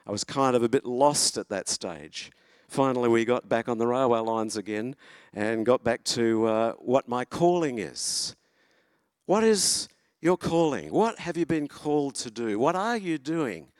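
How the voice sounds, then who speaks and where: A man's voice: mid-range voice, expressive, a little slow, clear, resonant tone, no echo, studio quality. Older man preaching encouragement. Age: 70s. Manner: earnest, encouraging, with hesitations and restarts. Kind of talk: sermon. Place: church, at a lectern.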